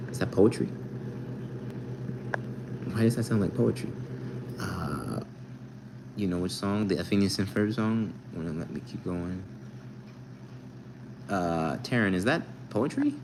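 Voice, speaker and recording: A young man with a fairly low voice chats casually on a live stream, reading viewers' comments aloud. His manner is playful and teasing. A faint background noise sits under the recording. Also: normal speed, pauses often. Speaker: livestreamer.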